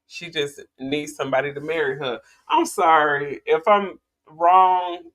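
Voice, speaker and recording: A woman's voice: deep voice, steady tone, unhurried, fairly bright tone. A woman hosts a casual commentary vlog. She talks in a chatty, rambling way and often restarts her sentences as she talks to her viewers. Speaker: vlogger host.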